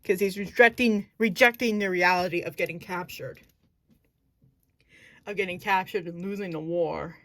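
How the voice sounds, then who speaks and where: With a fairly low pitch, a steady and slightly bright tone, and a moderate pace, a woman talks informally about her acting technique. As an acting student, she reasons aloud, searching for words and revising what she says mid-thought. The recording is dry.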